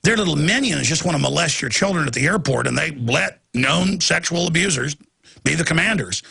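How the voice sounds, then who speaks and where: A man with a gravelly, husky voice holds forth as a talk host. His delivery is impassioned and ranting. He breaks into shouted bursts now and then. His voice sits fairly high for a man. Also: animated, fairly quick. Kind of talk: ranting political monologue.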